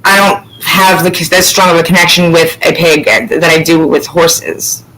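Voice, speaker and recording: A woman's voice: fairly low pitch, steady tone, a little slow, sharp tone, slight background noise, low-quality recording. A woman hosting a casual chat, rambling and candid, swearing freely. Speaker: podcast host.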